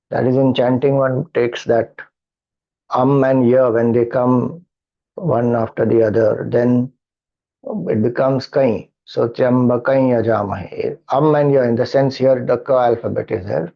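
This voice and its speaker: A man with an Indian English accent teaches Vedic chanting, speaking slowly and patiently in a mid-range voice. He walks through the notation syllable by syllable. The audio sounds dull and lo-fi. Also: medium pitch. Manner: slow, patient, explanatory with demonstrated chants. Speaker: spiritual teacher.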